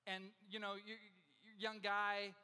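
A man with a high, bright voice delivers a sermon through a personal story. He is animated and self-mocking, slipping into the voices of the people he describes. His voice rings with a long reverb, as if he is speaking in a large hall. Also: a little slow, clean tone. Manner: animated, self-mocking humor, acts out other people's lines.

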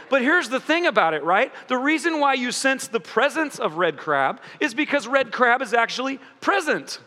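A man preaching a sermon in a lively, playful way, often acting out quoted voices. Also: very high voice, big-room sound. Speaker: pastor.

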